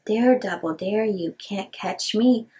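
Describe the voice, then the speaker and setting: A woman's voice: medium pitch, slow, dark tone, breathy edge. A woman chanting a cheeky daring letter. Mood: teasing. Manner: teasing dare chant.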